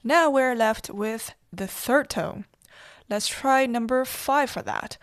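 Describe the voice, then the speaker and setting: A woman hosting a language podcast, slowly demonstrating Mandarin tones with patient pauses for repetition. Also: a little high, smooth, no echo, clean studio sound. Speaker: host, Mandarin teacher. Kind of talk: slow, deliberate language lesson.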